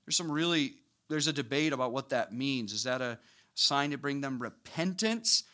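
A man preaching a sermon, walking through scripture with lively, casual asides and acted-out voices. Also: mid-range voice, normal speed. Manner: animated, acts out voices of biblical figures with casual asides.

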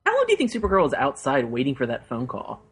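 Wry husky man with a lively voice. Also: medium pitch, fast talker. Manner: wry, teasing questions. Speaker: podcast co-host. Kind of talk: casual comedic chat.

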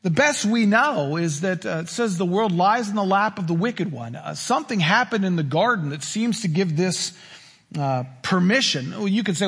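A man pastor preaching a sermon in a conversational style, acting out quoted lines, with a husky voice in a reverberant church. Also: high voice, animated, normal speed, a bit bright. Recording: reverberant hall.

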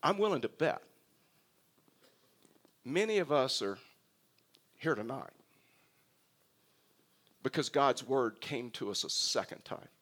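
A man's voice: medium pitch, big pitch swings, takes it slowly, long pauses, fairly bright tone. A male pastor preaching a sermon, telling stories with humor and often restarting his sentences. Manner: humorous storytelling with frequent restarts.

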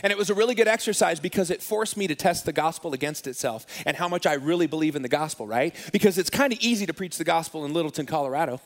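A man's voice: a little high, fast, hardly any pauses, big-room sound. A man preaching a sermon as pastor, telling a story in a conversational, self-deprecating, humorous way.

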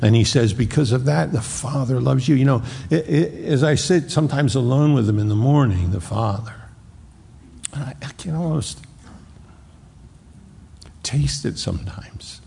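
A man preaching a sermon in a husky, gravelly voice of middling pitch. He speaks earnestly, leaning hard on key words and slowing down to stress them. The sound carries a long reverb, as from a large church hall. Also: dark tone. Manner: earnest, emphatic preaching with repeated words and slow, stressed phrases. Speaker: pastor.

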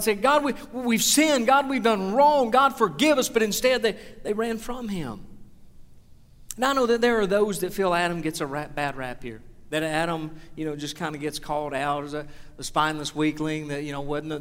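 A man's voice: high-pitched, a bit bright. A man, preaching a sermon as pastor, earnest and building to emphatic exhortation. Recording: long reverb of a large hall.

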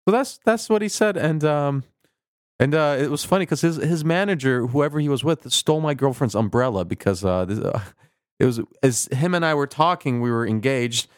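A man's voice: on the high side, animated, moderate pace, no echo, studio quality. A man as a guest on a casual podcast, telling rambling anecdotes with lots of fillers.

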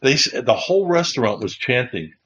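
A man hosting a livestream show, telling a funny story in an animated way and laughing as he goes. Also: mid-range voice, brisk, breathy edge, highs cut off. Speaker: Bible teaching show host. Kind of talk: casual storytelling.

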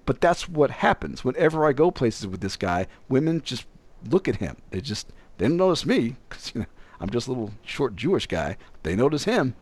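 A young man telling a casual story, acting out other people's lines as he goes. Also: medium pitch. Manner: animated, acts out other people's voices.

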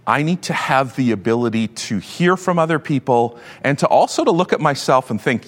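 A man in his fifties, a pastor giving a sermon with animated, joking storytelling. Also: mid-range voice, normal speed, hardly any pauses. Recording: long hall reverb.

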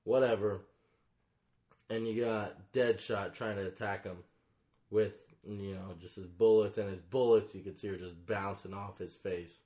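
A man's voice: fairly low pitch, steady tone, measured pace, darkish tone. A man co-hosting a casual comic book chat, narrating the page panel by panel. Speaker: comic book podcast co-host. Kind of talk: casual chat, walking through the pages.

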